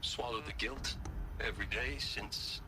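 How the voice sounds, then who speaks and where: An actor voicing a remorseful male scientist in a video game, speaking haltingly and repeating words. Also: medium pitch, lightly acted. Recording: game audio with noise behind.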